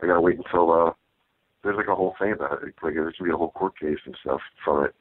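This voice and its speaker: Deep-voiced comedian on a tinny line. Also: male voice, no echo. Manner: halting, with many restarts and fillers. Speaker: stand-up comedian guest. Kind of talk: casual interview chat. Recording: dry, tinny phone-like sound.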